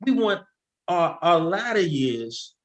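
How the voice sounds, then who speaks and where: Excitable man in an echoey room. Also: high voice. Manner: excitable, rushing, self-interrupting. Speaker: tax expert guest. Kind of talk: explaining with slides.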